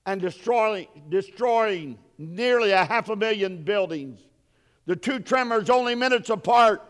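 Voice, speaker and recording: Male preacher, high and clear, slow sermon delivery with fillers, echoing church hall. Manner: slow, halting delivery with many fillers, rising to shouted questions. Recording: long reverb in a large hall.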